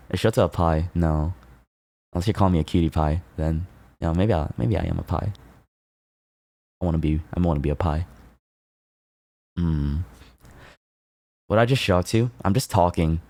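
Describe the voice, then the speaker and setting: A man streaming, chatting casually and playfully with his chat, laughing often and rambling in quick asides. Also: low-pitched, darkish tone, no echo.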